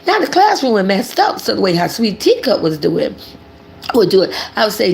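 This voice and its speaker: An older woman hosting casual livestream commentary, animated and preachy, talking about herself in the third person. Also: mid-range voice, normal speed, vocal fry, slight background noise. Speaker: commentary channel host.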